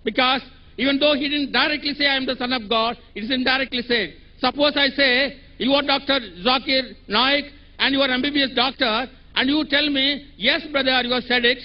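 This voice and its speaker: A man's voice: extremely high pitch, fairly even intonation, a little fast. A man asking a question from the audience at a public event, earnestly quoting scripture at length. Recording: dull lo-fi event recording.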